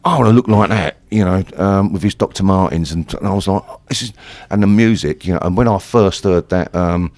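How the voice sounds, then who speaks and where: A man's voice: low voice, fairly quick, hardly any pauses, a little mellow, slight background noise. A man in his sixties with an East London accent, telling stories in a rambling, chatty way full of swearing. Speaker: interview guest, punk singer. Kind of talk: casual storytelling interview.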